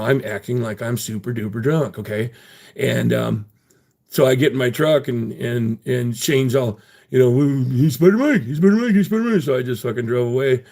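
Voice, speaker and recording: A man's voice: mid-range voice, gravelly, a little mellow. A man livestreaming and answering his chat, rambling with many fillers and restarts, taunting viewers with profanity and laughing at them.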